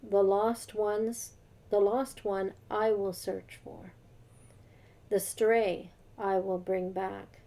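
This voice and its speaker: A woman co-host reading scripture aloud slowly and deliberately, then discussing it. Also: medium pitch, vocal fry, mellow. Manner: slow, measured reading aloud.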